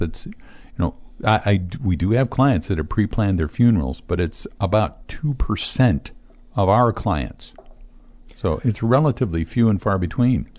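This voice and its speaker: In a relaxed talk-show chat, a middle-aged man who works as a financial advisor walks through estate matters. His voice is lowish and his delivery steady, though peppered with fillers.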